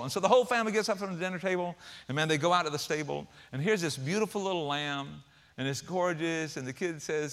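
A pastor preaching with a bright, fairly high voice that swings up and down as he tells a story. He keeps an animated storytelling manner throughout. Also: fast, creaky. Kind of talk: sermon.

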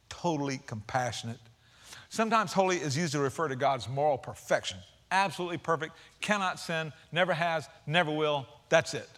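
A man delivers a sermon in a high, bright voice. His preaching is energetic and casual, and he drops slang asides to his listeners. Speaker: pastor.

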